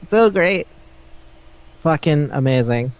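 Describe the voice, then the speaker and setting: A man hosting a podcast, retelling an anime episode in a profane, excitable way. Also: fairly high pitch, slow, smooth. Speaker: podcast host. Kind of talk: casual chat. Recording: dull lo-fi podcast audio.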